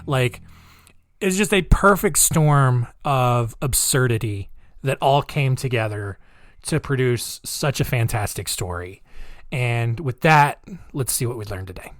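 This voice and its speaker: A man's voice: medium pitch, animated, unhurried, no echo, studio quality. A man hosting a podcast, telling a true-crime story casually with a sarcastic, giggly, incredulous manner. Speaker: podcast host.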